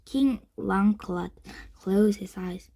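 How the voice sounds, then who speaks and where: A woman reading a children's chapter book aloud, slowly and carefully, with slips she corrects. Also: medium pitch, creaky, mellow.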